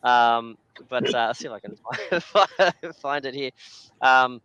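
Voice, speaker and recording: A man's voice: mid-range voice, slow, pushed and bright, clear, resonant tone, no echo, lo-fi sound. An Australian man hosting a casual video call chat, rambling with lots of fillers and frequent laughter. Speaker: channel host.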